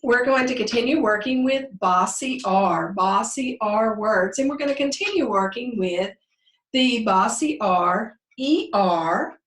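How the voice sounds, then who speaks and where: A woman teaching a phonics lesson to young children, sounding out words slowly in an encouraging sing-song way. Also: on the high side, fairly bright tone, echoey room, recorded from a distance. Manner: slow, drawn-out sounding out of words. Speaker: second grade teacher.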